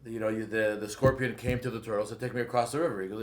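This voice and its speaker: A man's voice: fairly low pitch, fairly even intonation, racing, a little hiss or hum. A man in the class, a student, chiming in casually to tell a short story from memory. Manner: chatty storyteller, interjecting. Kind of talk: casual chat.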